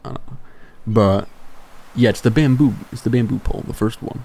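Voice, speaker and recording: A man's voice: mid-range voice, steady tone, a little fast, gravelly, dark tone, husky. A young man streaming a video game, chatting casually with rambling, self-deprecating asides and frequent chuckles. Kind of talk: casual gameplay commentary.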